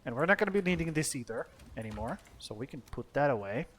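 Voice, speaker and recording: A man's voice: mid-range voice, expressive, fast, a bit bright, slight background noise. A young man from Finland, chatting casually and swearing as he plays a video game, talking to himself and his character. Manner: rambling, profane, talks to himself and the game. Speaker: streamer. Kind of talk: casual gameplay commentary.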